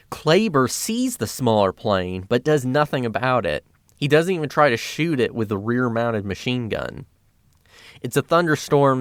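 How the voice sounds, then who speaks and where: A man reading a scripted film critique in a dry, sarcastic tone. His voice sits at a middle pitch for a man, and the recording is close and dry with no room sound. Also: clear, resonant tone, dry recording. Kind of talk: scripted video-essay narration.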